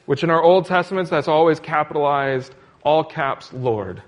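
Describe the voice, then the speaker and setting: A man's voice: fairly high pitch, normal speed, muffled recording. A man preaching a sermon in an earnest, repetitive cadence, asking questions as he goes. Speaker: pastor.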